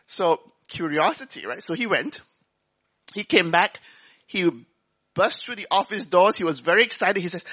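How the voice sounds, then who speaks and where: A woman giving a talk, telling a personal story in an animated way and acting out the dialogue. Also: lowish voice, moderate pace, breathy edge, muffled recording. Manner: animated, acts out dialogue, laughs often. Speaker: business speaker.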